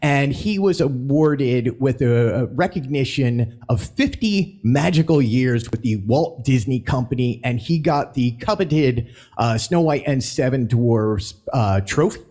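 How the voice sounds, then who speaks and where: A man's voice: medium pitch, lively intonation, unhurried, darkish tone. A man hosting a casual theme park news vlog, chatty and rambling, stumbling as he reads announcements aloud.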